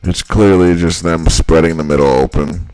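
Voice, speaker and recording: A man breaking down football highlights in casual commentary, blunt and exasperated, repeating his points. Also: steady tone, moderate pace, a little mellow, smooth, no room sound, soft background music. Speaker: football film analyst.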